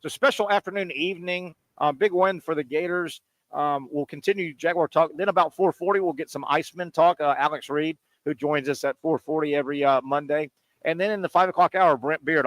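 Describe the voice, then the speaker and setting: A man's voice: on the high side, brisk, no room sound, faint music behind, rough recording. A man co-hosting a casual sports talk show live from a sports bar, chatty and agreeable, often tossing in "right?" and "yeah". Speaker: sports radio co-host.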